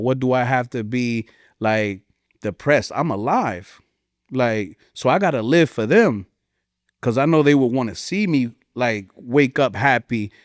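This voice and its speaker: A man's voice: no room sound, clean studio sound. A man in his forties from New Jersey with a New Jersey accent, a hip-hop artist talking in a heartfelt, rambling way as a podcast guest. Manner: heartfelt, rambling, voice rises high when recalling. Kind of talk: emotional interview talk.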